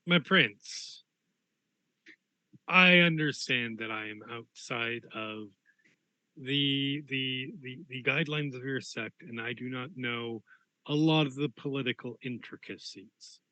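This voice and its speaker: Guy as a polite formal vampire, bright voice, dry sound. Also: mid-range voice, slow pace, dry recording, rough recording. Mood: deferential. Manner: polite, formal, a bit hesitant. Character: courteous outsider vampire addressing a prince.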